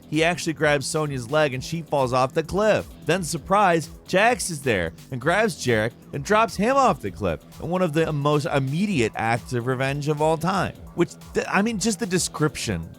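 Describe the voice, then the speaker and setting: A man's voice: a little high, very animated, moderate pace, hardly any pauses, fairly bright tone, faint music behind. A male host giving casual, amused commentary on silly video game moments. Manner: wry, amused, mocking.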